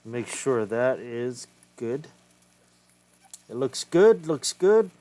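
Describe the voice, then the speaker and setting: A man's voice: mid-range voice, very animated, drawn-out words, mellow. A man casually talking through a hands-on repair of an old game cartridge, thinking aloud and swearing freely as he works. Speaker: retro game collector.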